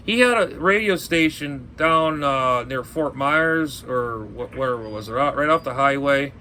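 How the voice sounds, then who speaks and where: Ranting hobby vlogger: a blunt, cursing man talking from home, with a bright tone and faint background noise. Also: medium pitch, expressive, a little slow. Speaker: ham radio vlogger. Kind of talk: rambling casual chat.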